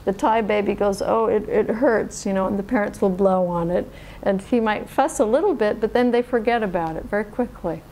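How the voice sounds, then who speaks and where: A woman meditation teacher giving a dharma talk, explaining in a calm, unhurried way. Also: mid-range voice, slight background noise, poor audio. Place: meditation center hall.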